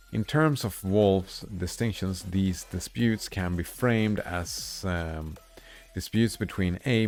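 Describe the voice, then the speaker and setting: A man who reads a philosophy text aloud slowly and haltingly, adding small comments of his own, sounding tired. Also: deep voice, darkish tone. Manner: slow, halting reading with comments in between. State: tired, yawning. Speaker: streamer reading philosophy aloud. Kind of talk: reading a text aloud with asides.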